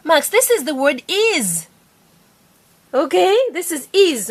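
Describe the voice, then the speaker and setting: A woman teaching her young child to read at home, patient and coaxing, sounding out letters slowly and repeating them. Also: sits high, big pitch swings. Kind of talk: home reading lesson.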